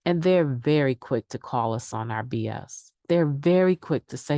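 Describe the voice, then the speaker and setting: Woman, low voice, dry close sound, middle-aged, candid recovery share, conversational. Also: expressive, moderate pace, few pauses, warm tone, no room sound. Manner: candid, conversational, acts out quoted excuses. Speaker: recovery meeting speaker. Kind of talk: daily meditation reading and sharing.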